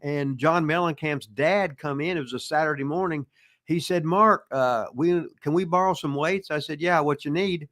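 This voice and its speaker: A man's voice: fairly high pitch, moderate pace, fairly bright tone. An older man tells rambling, profane wrestling stories, full of restarts and folksy asides. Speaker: retired pro wrestler answering listener questions. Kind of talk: casual storytelling chat.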